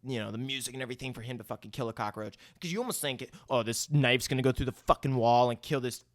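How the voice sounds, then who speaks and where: A man's voice: mid-range voice, fast, no room sound, clean studio sound. A man co-hosting a casual movie podcast, talking in a laid-back way with plenty of swearing. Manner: laid-back, swears a lot, laughs along. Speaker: podcast co-host. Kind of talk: casual movie recap chat.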